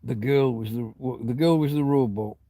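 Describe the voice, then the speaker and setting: A man's voice: mid-range voice, moderate pace, warm tone, no echo. A middle-aged man hosting a casual livestream from home on his phone, meandering and reminiscing, often trailing off and restarting his thoughts. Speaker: livestream host. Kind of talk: rambling casual chat.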